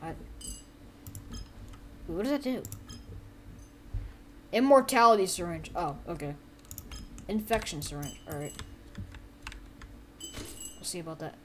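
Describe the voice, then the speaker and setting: Rambling excitable woman commentating a game. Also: on the low side, takes it slowly, pauses often, a little hiss or hum. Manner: rambling and excitable, with sudden yelps. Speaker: gameplay commentator. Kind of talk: casual let's-play commentary.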